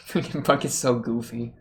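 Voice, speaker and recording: A man's voice: mid-range voice, a bit bright. A young man hosting an anime reaction video, talking casually and joking in muttered asides as he watches.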